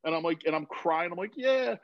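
A man in his thirties, a lively storyteller who swears freely and mimics the people he quotes. His voice sits a little high for a man and is dry and close, with a dull, slightly lo-fi sound. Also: brisk, no room sound. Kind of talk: casual chat. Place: home garage.

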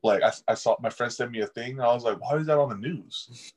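Laughing a lot, a young adult man who plays college football tells casual stories in an interview. He speaks a little fast in a mid-range voice, on a rough recording.

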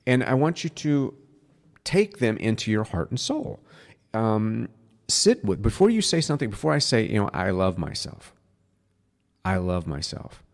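A man hosting a spiritual podcast, teaching in a casual, earnest way and dropping to a soft, slow voice to demonstrate. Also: medium pitch, big pitch swings.

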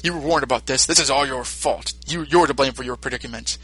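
A man's voice: medium pitch, fast talker, a bit bright, husky, rough recording. A man voicing a proud male warrior rival who speaks curtly and scornfully. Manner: curt, scornful.

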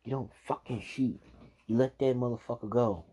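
Dark, husky man ranting angrily. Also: medium pitch, fairly even intonation, normal speed. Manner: angry, swearing, ranting. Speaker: commentator reacting to news clips. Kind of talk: profane reaction commentary. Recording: dull lo-fi recording.

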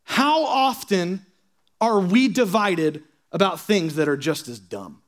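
A young adult man preaching a sermon in a casual, sarcastic way, acting out the voices of churchgoers in quick asides. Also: high-pitched, animated. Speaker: pastor.

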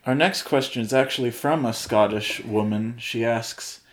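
A young man co-hosts a casual podcast and delivers his jokes dry and deadpan. He also reads listener questions aloud. His voice sits at an ordinary middle pitch. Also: moderate pace. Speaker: podcast co-host.

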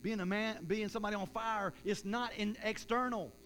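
A man preaching a sermon as pastor in a church, rising loud in acted-out prayers and dropping soft for an altar call and prayer. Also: high-pitched, fairly even intonation, moderate pace, a little hiss or hum, low-quality recording. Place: church sanctuary.

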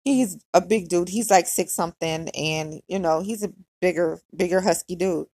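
A woman with a gravelly, husky voice tells a personal story in a frank, loose, conversational way, full of "like". Her voice is mid-pitched and recorded close and dry. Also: normal speed, a little mellow, no echo. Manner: candid and conversational, heavy use of "like". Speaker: podcaster.

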